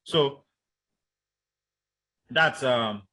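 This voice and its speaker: Man giving a halting lecture. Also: mid-range voice, sharp tone. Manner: halting, frequent fillers, acts out example intonations. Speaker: linguistics lecturer. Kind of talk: university lecture.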